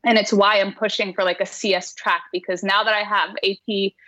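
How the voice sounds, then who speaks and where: A woman's voice: medium pitch, little pitch movement, brisk, sharp tone, no room sound, dull audio. A woman math teacher speaking earnestly in a casual conversation, often laughing as she talks and filling her sentences with "like.". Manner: earnest, laughs while talking, many "like"s.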